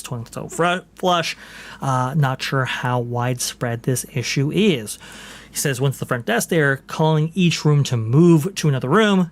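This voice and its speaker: A man hosting a casual podcast, reading posts aloud and chatting with lots of fillers. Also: medium pitch. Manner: chatty, many fillers, repeats "right here". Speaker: podcast host.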